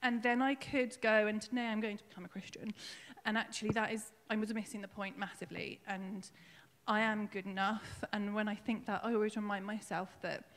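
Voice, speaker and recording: A woman giving a personal testimony at her own baptism in church, emotional and tearful, halting with fillers as she speaks. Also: mid-range voice, fairly even intonation, a bit bright. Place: church hall. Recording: long hall reverb.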